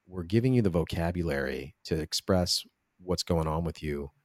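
A man hosting a podcast interview, speaking earnestly in a halting way with many restarts. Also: sits low, no room sound, studio quality. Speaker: podcast host. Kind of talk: conversational interview.

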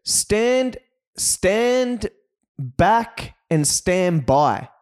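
A man putting on a deliberately poor impression of a blustering male politician, his voice pushed up high. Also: big pitch swings, darkish tone, clear, resonant tone, heavily acted. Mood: commanding.

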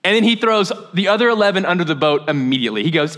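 A man's voice: high voice, lively intonation, fast, hardly any pauses, fairly bright tone. A man preaching a casual sermon at a church service, telling the story in a chatty, joking way before leading a guided meditation.

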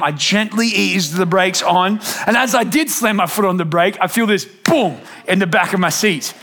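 Animated man preaching. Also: sits high. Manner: animated, acts out family voices. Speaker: pastor. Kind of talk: storytelling sermon.

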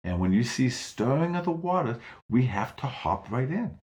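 A man's voice: medium pitch, big pitch swings, moderate pace, a little mellow, pitched above the performer's own voice, natural voice. A man voicing a bitter, grumbling lame man who complains that nobody helps him, in a storybook tale.

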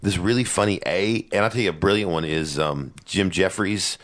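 A man in his forties hosting a podcast in casual chat, animated and swearing freely, acting out rowdy party voices. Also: low voice, moderate pace. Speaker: podcast host.

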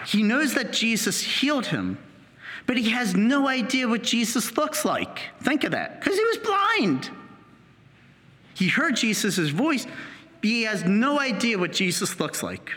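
Priest, male, high bright voice, animated homily, church reverb. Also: measured pace. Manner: animated storytelling, acting out the healed man's voice. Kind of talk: sermon.

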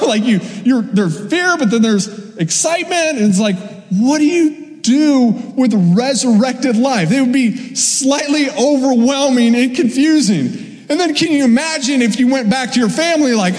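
A man preaching a sermon as a pastor, lively, acting out the voices of people in his story. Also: very high voice, normal speed. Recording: long hall reverb.

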